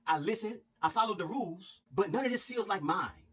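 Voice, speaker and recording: A man's voice: sits high, expressive, a little fast, fairly bright tone, slightly rough, heavily acted. A man voicing a frustrated woman gardener who is fed up with following everyone's advice. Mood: exasperated.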